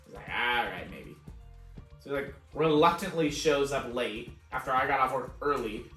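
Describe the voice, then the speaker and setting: A man's voice: mid-range voice, normal speed. A man co-hosting a podcast, telling a long casual story with frequent laughs and free swearing. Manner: laughs often, swears freely, animated retelling. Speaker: podcast co-host. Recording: roomy echo, distant mic, faint music.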